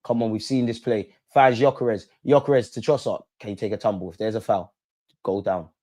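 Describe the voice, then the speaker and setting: A man's voice: fairly low pitch, steady tone, normal speed, warm tone. A man hosting a live football watch-along, talking emotionally at the players and referee on screen in casual, slangy speech with some swearing. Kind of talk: live match reaction.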